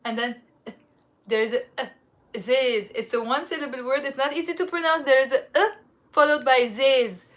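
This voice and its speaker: Lebanese woman doing a relaxed arabic lesson, kinda high voice, says things slowly, lots of okay?. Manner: chatty, repeats phrases slowly, frequent "okay?" checks. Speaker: Arabic teacher. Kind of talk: casual livestream language lesson.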